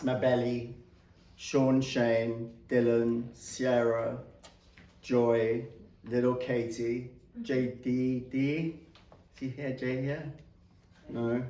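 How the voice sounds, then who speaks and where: A man's voice: medium pitch, little pitch movement, takes it slowly, noisy background. A British man reading a heartfelt graduation speech to clinic staff and patients, earnest with light self-mocking humor. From Britain. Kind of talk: read-out thank-you speech. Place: clinic room with a small audience. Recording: echoey room from a distance.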